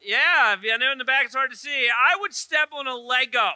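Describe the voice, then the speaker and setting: A man's voice: extremely high pitch, a little fast, pushed and bright, no echo, low-quality recording. A middle-aged man, preaching a sermon in a church with humorous storytelling and chatty asides. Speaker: pastor. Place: church auditorium.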